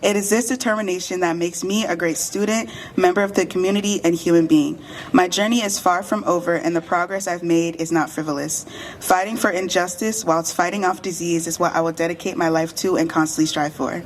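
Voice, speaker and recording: A woman's voice: lowish voice, steady tone, a little fast, a little hiss or hum, rough recording. A graduating teenage girl gives an earnest, impassioned prepared speech at a school awards dinner, her voice a little shaky from the cold. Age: late teens. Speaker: graduating student speaker. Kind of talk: prepared speech read aloud.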